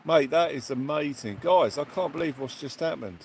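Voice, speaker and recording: A man hosting a casual fishing livestream outdoors at night, excitedly thanking viewers. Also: fairly high pitch, moderate pace, creaky, a little hiss or hum. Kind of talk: casual live chat.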